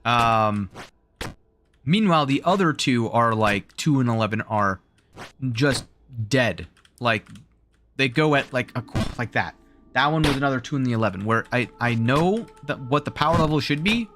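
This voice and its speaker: A man's voice: mid-range voice, animated, moderate pace, over music. A man with a Southern drawl giving live gameplay commentary, thinking aloud in rambling self-talk, his voice wearing out. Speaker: streamer.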